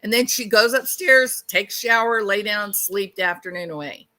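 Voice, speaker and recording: A woman's voice: medium pitch, normal speed, sharp tone. A woman hosting a true-crime channel, speculating bluntly in a casual way and asking lots of rhetorical questions.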